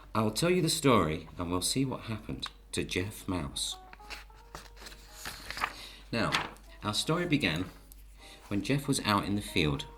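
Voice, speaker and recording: Low-voiced man telling a children's story. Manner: gentle, coaxing, speaks to the audience. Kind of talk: storybook narration while drawing.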